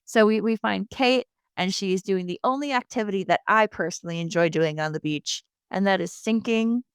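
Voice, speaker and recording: Jersey girl podcast host, sarcastic recap chat, smooth clear voice, dry close mic. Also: medium pitch, normal speed, no room sound. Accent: New Jersey. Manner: chatty and sarcastic, with animated asides. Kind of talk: casual episode recap chat.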